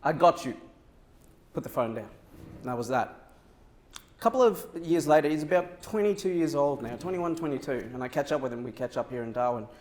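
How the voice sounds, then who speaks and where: With a fairly high voice and a fairly quick delivery, a male keynote speaker energetically recounts a story at a conference, performing the characters' lines as he goes to motivate the crowd.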